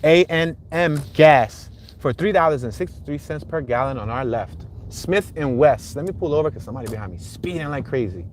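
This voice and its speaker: A man's voice: a little high, animated, a little fast, hardly any pauses, a little hiss or hum. Chatty man livestreaming from a car. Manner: chatty, reads viewer comments aloud and greets chatters. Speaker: livestream host driving a neighborhood tour. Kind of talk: casual live commentary while driving. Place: inside a car on city streets.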